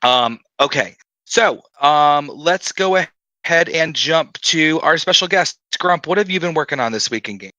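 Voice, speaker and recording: A man's voice: a little high, a little slow, no echo. A man hosting a casual gaming podcast, talking loosely with many ums and friendly teasing. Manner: relaxed, lots of ums and filler, teasing. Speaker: podcast host.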